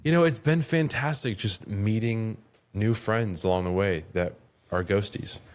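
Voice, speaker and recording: A man co-hosts a fan podcast, talking in a lowish voice. He chats casually, upbeat and jokey, rambling from one thought to the next. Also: a little slow. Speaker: podcast co-host.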